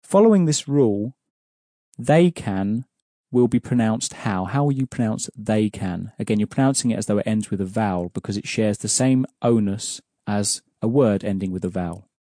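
A man's voice: on the low side, lively intonation, normal speed, mellow, no room sound, clean studio sound. A man teaching an audio language lesson, explaining rules patiently and prompting the listener with questions.

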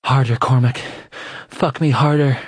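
Man doing a breathy young woman, raised pitch, eager, pleading, audiobook, dry close sound. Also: fairly even intonation, takes it slowly, darkish tone, dry recording. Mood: breathless. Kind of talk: audiobook narration.

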